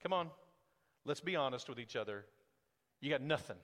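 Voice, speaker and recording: A man preaching a sermon as pastor, reading scripture and explaining it, rising to emphatic peaks and dropping to slow, grave lines. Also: mid-range voice, lively intonation, a bit bright. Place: church sanctuary. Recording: long reverb of a large hall.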